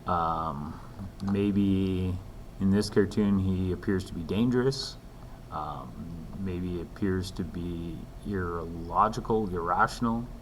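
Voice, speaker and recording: A man's voice: sits low, slow, a little hiss or hum. A man teaching a recorded lesson in a conversational way, with frequent ums and dry asides. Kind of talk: recorded lecture walkthrough.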